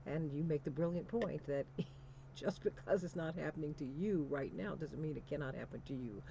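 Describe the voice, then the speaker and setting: A woman's voice: low-pitched, normal speed, creaky, warm tone. A woman hosting a radio talk show, speaking in an emphatic, rousing way. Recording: dull lo-fi radio audio with faint hum.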